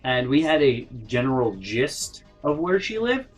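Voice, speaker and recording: A young storytelling vlogger tells a funny story from his own life in a casual, rambling way, swearing often and throwing in mock-indignant asides. His medium-pitched voice is very animated and a little slow, with faint music behind it on a low-quality recording.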